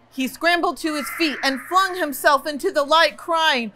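A woman reading a picture book aloud for a library storytime, playful and expressive. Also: sits high, a little slow, hardly any pauses. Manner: playful, expressive, chatty asides.

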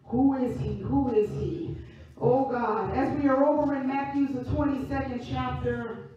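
A woman preaches in a high voice, repeating her lines in a rhythmic call and lifting them into near-song. She speaks slowly and deliberately. The sound is distant and dull, with a heavy echo from a large hall. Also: steady tone, dark tone. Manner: rhythmic call-and-response preaching, rising into sung phrases. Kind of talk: sermon.

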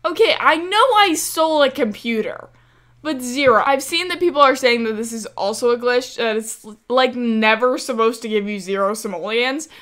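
Bright-voiced young woman narrating gameplay. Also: fairly high pitch, normal speed. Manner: exasperated, chatty, talks to game characters. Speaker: gaming creator. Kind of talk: casual gameplay commentary.

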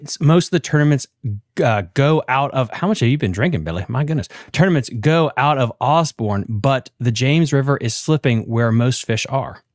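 A man's voice: medium pitch, expressive, moderate pace, dry recording, clean studio sound. A man hosting a live fishing podcast, asking long rambling questions in a loose, joking way. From United States. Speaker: podcast host. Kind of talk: casual live podcast chat.

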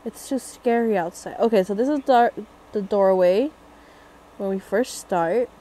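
A woman's voice: medium pitch, measured pace, warm tone, rough recording. A young woman giving casual commentary as she plays a horror game, thinking aloud and getting jumpy and scared as it goes on. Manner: thinking aloud, jumpy and frightened during chases. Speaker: gaming video creator.

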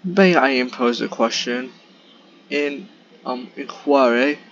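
A man's voice: mid-range voice, slow pace, a bit bright, dull audio, a little hiss or hum. A man casually commentating while he plays a horror game, rambling and joking as he talks back at the characters on screen. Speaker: gaming video host. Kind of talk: casual let's play commentary. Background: game music.

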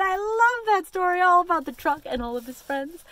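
A woman librarian leading a children's story time, reading a picture book and counting and singing in an animated, sing-song way for young kids. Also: very high-pitched, fairly quick, few pauses.

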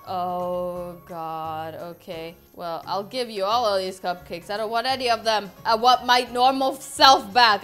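A woman's voice: fairly high pitch, a bit bright. A woman playing a fed-up mom in a game role-play, talking in a dramatic, exasperated way and often repeating herself. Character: fed-up mom turned into a monster. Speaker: gaming YouTuber.

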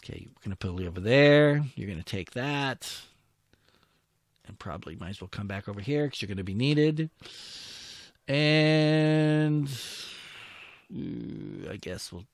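A man's voice: lowish voice, no echo, clean studio sound. A man commentating his own strategy war game, talking to his units and grumbling when attacks go wrong. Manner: muttering, self-talking, grumbling at setbacks. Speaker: gameplay commentator.

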